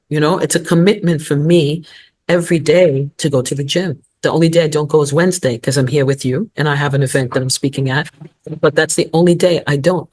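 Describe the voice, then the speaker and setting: A woman in her sixties, a guest on an interview show, telling stories and giving motivational advice with frequent laughter. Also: sits low. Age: 60s. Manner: lively, laughs often, motivational, storytelling. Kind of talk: casual interview talk.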